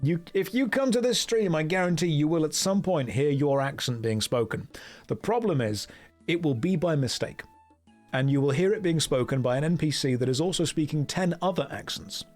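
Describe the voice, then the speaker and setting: A man's voice: a little high, lively intonation, normal speed, darkish tone, soft background music. A man streaming a game, chatting casually, joking and reading chat aloud. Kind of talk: casual gameplay commentary.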